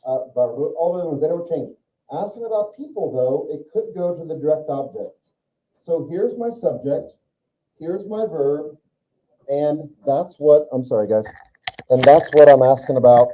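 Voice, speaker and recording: A man's voice: a little high, expressive, moderate pace. A male teacher giving a classroom lecture, talking casually and asking his students questions. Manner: conversational, asks the class questions. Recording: echoey, distant, muffled classroom recording.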